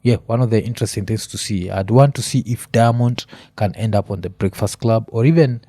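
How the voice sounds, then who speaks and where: A Kenyan man rambling through his solo podcast with a low, warm and mellow voice. He talks loosely, with plenty of uhs and ums. The sound is dry and close, with no room around it. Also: a little fast, no room sound. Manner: relaxed rambling rant with many fillers. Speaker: podcast host.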